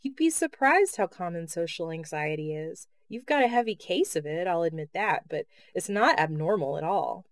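A woman reading the part of a motherly woman counselor who talks gently and reassuringly, in an audiobook. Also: on the low side, lively intonation, normal speed, few pauses, no room sound.

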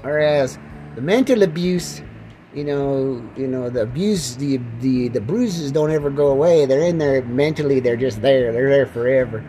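A man's voice: medium pitch, moderate pace, dark tone, faint music behind, poor audio. Rambling, joking man podcasting. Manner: rambling, repeats words, jokey. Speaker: podcast host. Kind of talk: casual rambling monologue. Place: lying down indoors.

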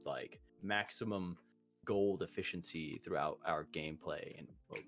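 Deep gravelly man chatting casually. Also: measured pace, fairly bright tone, soft background music. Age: adult, a parent. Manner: rambling, profane, laughs often. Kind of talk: casual podcast chat between friends.

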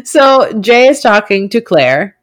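A woman's voice: mid-range voice, big pitch swings, takes it slowly. A woman co-hosting a podcast, chatting casually and acting out quotes in mock voices, with some swearing. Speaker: podcast co-host. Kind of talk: casual recap chat.

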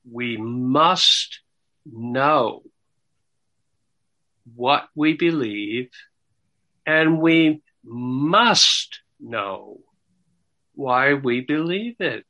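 A man teaching the Bible in a sermon style, slow and halting, with repeated words and apologetic asides, building to emphatic rising stresses. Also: mid-range voice, animated, bright, forceful tone, dull audio. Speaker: Bible teacher answering questions.

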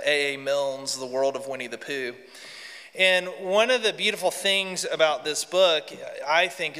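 A male pastor with a fairly high, bright and forceful voice delivers an earnest sermon, reading scripture and leading prayer. His words ring out through a large church sanctuary with a long, echoing reverb. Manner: earnest, leads the congregation in prayer and response.

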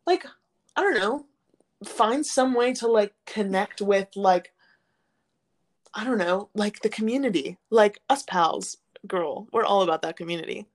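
A woman's voice: medium pitch, measured pace. A young woman co-hosting a casual podcast chat, rambling with lots of filler words and giggling. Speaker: podcast co-host.

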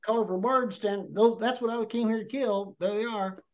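A man's voice: sits high, steady tone, normal speed. A man, a podcast guest, telling a rambling hunting story in vivid detail and a casual way. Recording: dull lo-fi podcast audio.

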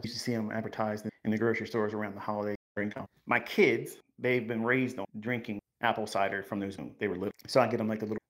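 Rambling man in his fifties. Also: fairly low pitch. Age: 50s. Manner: rambling, boastful, laughs often. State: in back pain, voice sometimes strained. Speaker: host giving a house tour. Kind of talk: casual livestream walkthrough.

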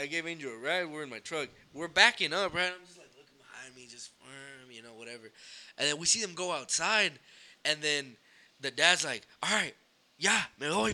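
Bright-voiced man telling a wild story. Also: fairly high pitch. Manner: animated, swears freely, mixes in Spanish phrases. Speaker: podcast guest storyteller. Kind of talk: casual storytelling chat.

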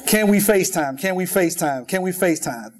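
A man's voice: high-pitched, brisk. A man preaching a sermon in a church, telling jokes and stories with lots of repetition. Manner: lively storytelling with jokes and repetition. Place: church sanctuary.

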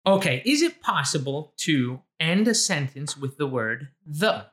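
Casting: man, light upper pitch, bright forceful tone, teasing quizmaster in relaxed chat. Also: unhurried. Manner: playful, laughs often, teasing. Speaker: trivia quizmaster. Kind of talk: casual chat.

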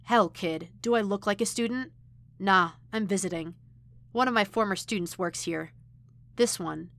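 A woman voicing a sly, gruff old blind man who drawls and smirks. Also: medium pitch, moderate pace, a bit bright. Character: old blind male mentor, sly and menacing.

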